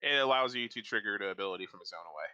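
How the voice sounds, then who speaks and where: A man narrating a tabletop game as game master in an animated, loose way. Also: on the low side, racing, clear, resonant tone, no echo, rough recording.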